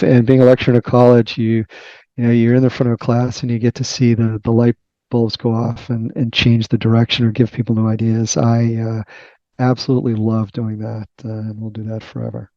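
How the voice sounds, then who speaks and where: A man with a Boston accent, a company CEO answering interview questions in a halting way, with many fillers and restarts. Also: medium pitch, dark tone, no room sound, lo-fi sound. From Boston area.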